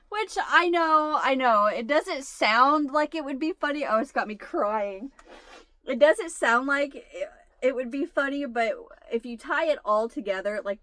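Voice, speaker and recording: A woman's voice: on the high side, a bit bright, no room sound. A woman in her forties telling a long funny family story to her viewers in casual chat, laughing her way through it. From United States. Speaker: channel host.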